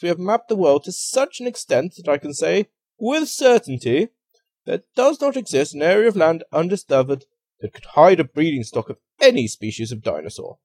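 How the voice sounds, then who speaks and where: A man's voice: on the high side, a little mellow, dry recording, pitched above the performer's own voice. A man voicing a pompous, dismissive male professor in a comic story.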